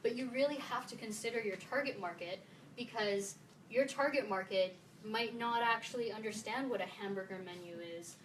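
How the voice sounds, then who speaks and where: A woman's voice: a little high, moderate pace, slight background noise. A woman from the Philippines giving a casual, playful talk at a meetup, quizzing her audience. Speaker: conference speaker. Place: meeting room with audience. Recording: roomy sound, mic at a distance, faint ambience.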